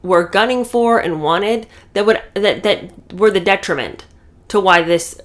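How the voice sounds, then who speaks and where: Sarcastic lady ranting casually, lots of likes and ums, mid pitch. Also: a little slow. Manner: animated, sarcastic, many fillers. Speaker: commentator. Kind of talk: casual commentary.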